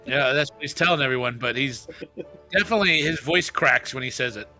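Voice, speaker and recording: A man narrating as game master with relaxed, slow descriptive narration. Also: medium pitch, soft background music.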